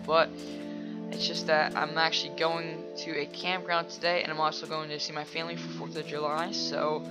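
A man giving casual let's play commentary while he plays, rambling chattily with lots of fillers and breaking into loud excited reactions to the game. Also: fairly high pitch. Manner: rambling and chatty, full of "like" and "you know".

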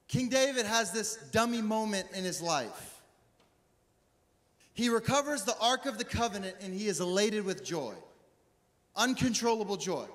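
A man preaching a sermon as pastor, talking casually, laughing often and building up to shouts. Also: high voice. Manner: casual slang, acts out quoted voices. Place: large church hall. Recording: long reverb of a large hall.

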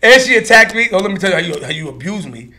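A man from Queens hosting a podcast, loudly teasing his guests and repeating himself in heated banter. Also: sits high, big pitch swings, very fast. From Queens, New York. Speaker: podcast host.

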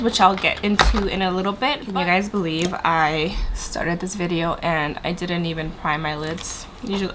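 Chatty makeup vlogger lady, stuffy nose, talking to camera, faint hiss behind. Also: medium pitch. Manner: bubbly and chatty, addressing viewers directly. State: stuffy, congested. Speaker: beauty vlogger. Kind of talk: casual sit-down makeup review.

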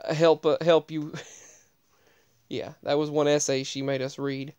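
Rambling man telling a story, crisp close voice. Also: a little high, little pitch movement, a little slow, a little mellow, no echo, highs cut off. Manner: rambling, digressive, frequent restarts. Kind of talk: casual personal storytelling.

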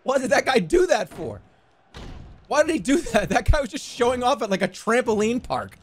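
Brief: male streamer, high and bouncy voice, excitable and swearing, casual game commentary. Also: normal speed, slight background noise. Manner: excitable, laughs often, swears.

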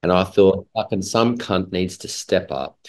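A man's voice: deep voice, a little slow, darkish tone. A man, a guest in a casual talk, rambling in an emphatic and heavily profane way. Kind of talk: casual conversation.

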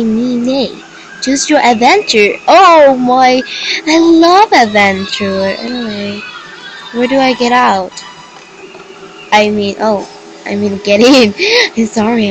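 Young woman, gushing game commentary, slow unhurried delivery, higher voice, faint background hiss. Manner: gushing, exclaims often, slightly broken non-native phrasing. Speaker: gaming video creator. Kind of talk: excited casual game commentary.

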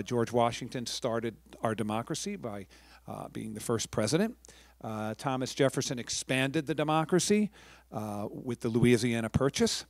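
A man's voice: mid-range voice, no echo. A middle-aged man from New York, a professional storyteller giving a chatty talk to a live audience, with friendly asides and restarts.

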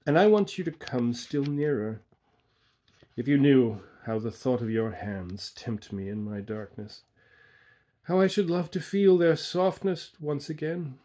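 A blinded, disfigured man murmurs to his former lover in a husky, breathy voice, as a male reader puts him on. He sounds tender yet bitter, pleading softly through his storybook darkness. His pitch sits in an ordinary middle range.

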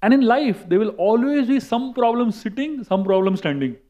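A man with an Indian English accent giving a sermon, telling a story in a lively way with emphatic repetition. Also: extremely high pitch, normal speed, lo-fi sound. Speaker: monk and speaker.

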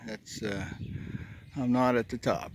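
Man, folksy rambling talk, winded from climbing, outdoors on a trail, middle pitch. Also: fairly even intonation, measured pace, background noise. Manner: rambling, folksy, thinking aloud. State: out of breath on the climb. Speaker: hiking vlogger. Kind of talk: casual vlog narration while hiking. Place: outdoors on a wooded ridge trail.

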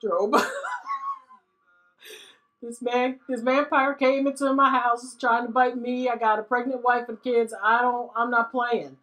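A woman giving casual let's-play commentary on a life-sim game, laughing often and briefly voicing the characters. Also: a little high. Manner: giggly, animated, voices characters in quick asides. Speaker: gaming YouTuber.

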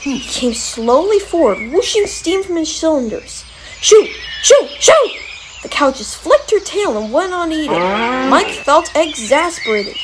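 A woman narrating a storybook with an expressive reading. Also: high voice, normal speed, background noise. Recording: music playing behind. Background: music.

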